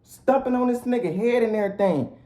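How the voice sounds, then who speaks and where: A vlogger rants casually to the camera in a very high-pitched but mellow voice, speaking fairly quickly. He is blunt and profane and repeats himself a lot, and the recording has a roomy echo.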